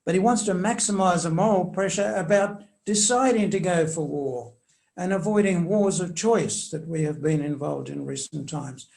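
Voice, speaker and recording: An older man answering interview questions in a measured, hesitant way with many fillers, reading quoted passages aloud with emphasis. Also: high-pitched, gravelly, a little mellow. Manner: reads quotations aloud with emphasis. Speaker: commentator on church social teaching.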